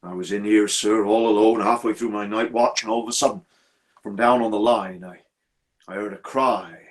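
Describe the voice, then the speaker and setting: A man voicing a haunted, deferential railway signalman who talks haltingly and keeps calling his listener sir, in a live dramatic storytelling. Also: lowish voice, steady tone, close to an everyday voice. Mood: hushed, haunted.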